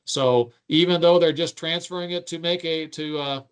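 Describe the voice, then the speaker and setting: A man with a smooth, resonant voice and a slightly raised pitch runs a webinar question-and-answer session. He reads out each question, then explains the answer at length. His talk is full of ums and uhs. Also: fairly even intonation, normal speed. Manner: explains at length, with many filler "uh"s and "um"s. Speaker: webinar presenter.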